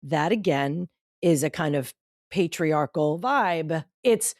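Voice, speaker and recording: Lively middle-aged woman telling stories. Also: sits low, takes it slowly, no room sound, studio quality. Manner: animated storyteller who acts out quoted dialogue. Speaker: guest author and speaker. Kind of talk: casual podcast conversation.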